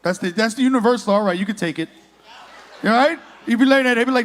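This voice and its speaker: A man's voice: extremely high pitch, quick pace. A man in his late thirties doing a crude, profane stand-up comedy set on a comedy club stage, working the crowd. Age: 30s.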